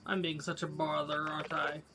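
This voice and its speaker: A man's voice: on the high side, flat delivery, a little fast, crowd noise, close to an everyday voice. A man voicing a fond elderly woman in a video game, reading her lines on a live stream with doting pet names and self-deprecating worry. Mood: fussing. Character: fond elderly woman, van-driving grandmother type. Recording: noisy stream mic with clicks.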